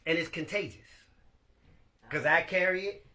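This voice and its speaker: A man hosting a casual live-stream podcast, animated and laughing as he talks to his viewers. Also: on the high side, normal speed. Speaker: podcast host.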